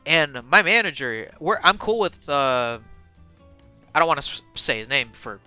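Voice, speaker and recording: A young man chatting to his stream with a very bright, crisp voice that sits a little high for a man. He tells a story in an animated, excitable way, full of slang, swearing and fillers, with faint music playing behind him. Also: moderate pace, no room sound. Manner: animated, excitable, swings from mumbling asides to loud bursts. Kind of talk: casual storytelling to a live chat.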